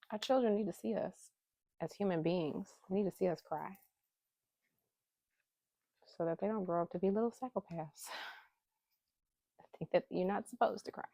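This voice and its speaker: Woman, casual spiritual vlog, low voice, gravelly fry, heartfelt and candid, close phone mic. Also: mellow. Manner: heartfelt, candid, with bursts of emphatic pleading. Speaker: spiritual vlogger drawing inspiration cards. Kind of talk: casual spiritual talk to camera. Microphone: phone camera held close.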